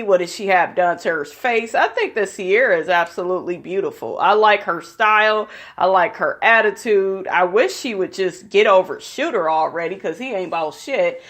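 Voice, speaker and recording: A woman talks straight to her viewers in a loose, gossipy recap, swearing freely and giving her opinions without holding back. Her voice sits at an ordinary middle pitch for a woman. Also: fairly bright tone. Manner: blunt, profane, opinionated. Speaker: reality TV recap vlogger. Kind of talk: casual gossipy episode recap.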